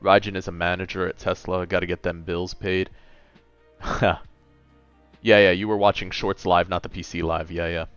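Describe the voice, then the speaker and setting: Deep-voiced laid-back man in his late twenties. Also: little pitch movement, moderate pace, a bit bright, smooth, dry recording, lo-fi sound, faint music behind. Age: late 20s. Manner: laid-back, chatty, a little tired. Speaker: gaming streamer. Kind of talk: casual livestream chat, reading chat.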